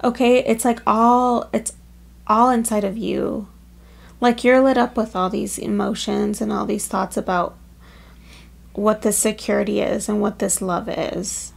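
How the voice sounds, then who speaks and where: A woman's voice: mid-range voice, little pitch movement, measured pace, vocal fry. A woman giving a casual pick-a-card tarot reading, chatty and emotional, with lots of filler words. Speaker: tarot reader.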